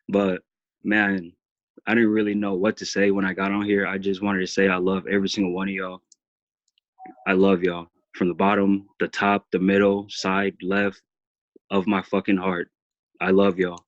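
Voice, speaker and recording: Heartfelt man on a low video call. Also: flat delivery, moderate pace, dry recording. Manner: heartfelt, earnest, repeats himself. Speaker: team member sharing his story. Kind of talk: emotional testimony on a group call. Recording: dull, dry video call audio.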